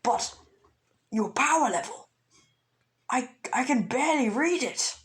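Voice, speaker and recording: A woman's voice: high-pitched, lively intonation, unhurried, pitched above the performer's own voice. An arrogant male alien warrior, blustering and easily flustered, as a woman acts him out. He stammers when things go against him. It comes from a casual fan retelling.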